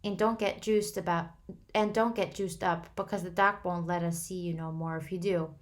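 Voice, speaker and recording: A woman's voice: fairly low pitch, steady tone, normal speed, natural voice. A woman voicing a tough teen boy holding it together. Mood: firm. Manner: firm, controlled reassurance. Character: tough teenage boy forcing himself to sound calm.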